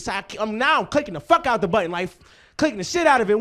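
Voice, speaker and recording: A man hosting a live comedy show, with an unusually high voice. He tells loose, profane stories in a rambling way. He keeps turning to the audience with questions. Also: lively intonation, fast talker, fairly bright tone. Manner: loose, profane, rambling storytelling with crowd work.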